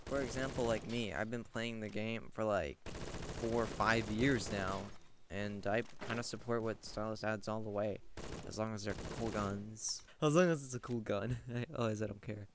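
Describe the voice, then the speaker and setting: A young man talks through his views on a game in a loose, rambling way. His voice sits a little low, and he keeps reaching for "like" between thoughts. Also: steady tone, normal speed, noisy background. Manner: rambling, heavy use of "like". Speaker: gaming commentator. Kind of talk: casual rambling commentary.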